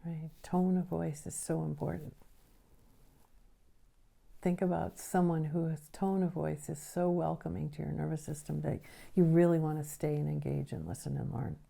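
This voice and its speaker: A woman teaching a recorded lesson on the nervous system, explaining patiently and often checking in with a quick question. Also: sits low, fairly even intonation, gravelly, dark tone.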